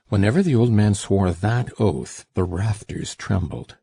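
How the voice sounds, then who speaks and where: A man narrating a classic novel as an audiobook in a measured storytelling manner. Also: on the low side, gravelly, mellow, slightly rough, no echo. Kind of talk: scripted narration.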